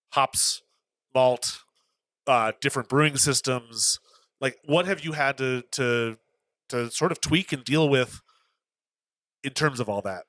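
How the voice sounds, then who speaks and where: A man's voice: mid-range voice, a bit bright, no room sound. A man hosting a casual podcast interview, asking easygoing questions with dry joking asides. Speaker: podcast host.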